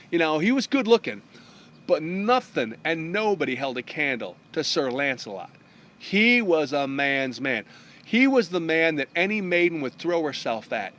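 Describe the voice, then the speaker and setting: A man's voice: a little high, a bit bright. A man telling a long story to an audience, acting out the characters' lines as he goes. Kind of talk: storytelling talk.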